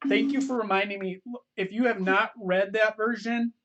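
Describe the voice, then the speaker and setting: A young man hosting a youth ministry livestream, chatting loosely with quick restarts and easy laughs. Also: high voice, steady tone, fairly bright tone, muffled recording. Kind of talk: casual livestream chat.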